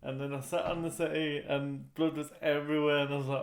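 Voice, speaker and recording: A man with a somewhat high voice tells stories plainly in casual chat. His voice carries an echoey room sound. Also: level tone, a little fast, creaky, slight background noise. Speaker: podcast co-host.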